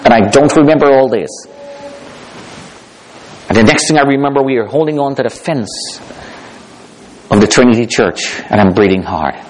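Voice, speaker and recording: A man telling his own survival story aloud, emphatic and dramatic, repeating phrases for effect and swinging from hushed to forceful. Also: mid-range voice, expressive, moderate pace, long pauses, poor audio. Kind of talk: spoken personal testimony.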